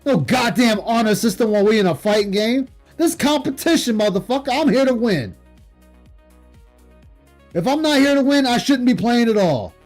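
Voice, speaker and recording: Man, very high voice, streamer, cursing tirade, scornful, shouts in bursts, faint music behind. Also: expressive, moderate pace. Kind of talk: heated late-night stream rant. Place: home streaming setup.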